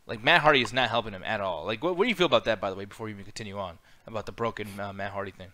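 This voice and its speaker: A man's voice: lowish voice, rapid-fire, pushed and bright. A man co-hosting a wrestling review show, ranting in an exasperated, swearing-heavy casual chat.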